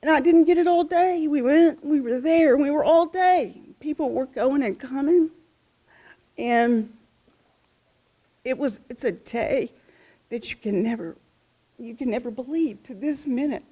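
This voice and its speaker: A woman's voice: sits high, unhurried, pauses often, warm tone. A middle-aged woman, rambling and heartfelt as she tells personal stories about a fallen police officer. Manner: rambling and heartfelt, with frequent restarts. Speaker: widow of a police officer speaking at a memorial. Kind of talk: personal storytelling speech at a remembrance gathering. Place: outdoor memorial gathering.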